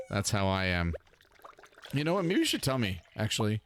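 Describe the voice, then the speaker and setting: A man's voice: on the low side, big pitch swings, normal speed, pauses often, background noise. A man hosting a casual let's play, chatting in a rambling, talkative way and laughing often. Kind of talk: casual gameplay commentary.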